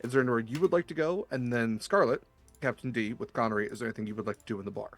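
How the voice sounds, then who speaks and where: A man narrating as game master of a tabletop game, describing scenes in a relaxed, rambling way with many fillers. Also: mid-range voice, rapid-fire, faint music behind.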